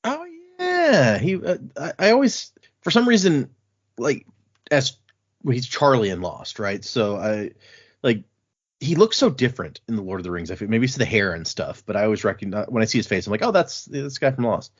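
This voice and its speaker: A man's voice: mid-range voice, big pitch swings, moderate pace, husky. A man co-hosting a podcast, chatting casually about a book, laughing often and retelling scenes. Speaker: podcast co-host. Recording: dull lo-fi audio.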